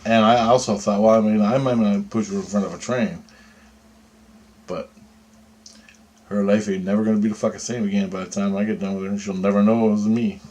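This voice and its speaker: A man's voice: lowish voice, fairly even intonation, brisk, pauses often, a little mellow, slight background noise. A man telling a story in a rambling, agitated spoken monologue, swearing often and checking in with "right?". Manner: profane, agitated, conversational with repeated "right?". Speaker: vlogger recounting a dream.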